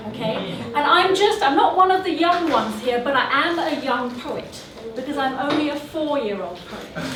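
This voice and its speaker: A woman poet chatting earnestly to the audience before she recites her poems on stage. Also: a little high. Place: live venue. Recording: echoey room from far off, noisy.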